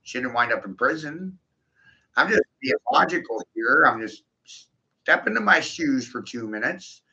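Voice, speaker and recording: Gravelly, forceful, profane man. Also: mid-range voice, very animated, moderate pace, lo-fi sound. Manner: profane, laughing, intense. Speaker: video host. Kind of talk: rambling monologue.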